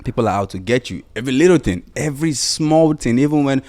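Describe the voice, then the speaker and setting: A man's voice: mid-range voice, animated, fast talker, mellow. A man talking casually and insistently in a solo motivational podcast, repeating himself and filling with "you know". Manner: urging, insistent repetition. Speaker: podcast host.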